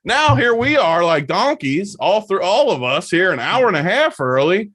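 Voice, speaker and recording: Man, podcast co-host, higher voice, very animated, mock-exasperated, dry close sound. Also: normal speed, dry recording. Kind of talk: casual podcast chat.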